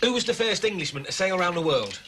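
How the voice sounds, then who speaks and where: An actor playing a blunt, teasing husband in a soap opera. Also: male voice, high-pitched, very animated, fast, noisy background.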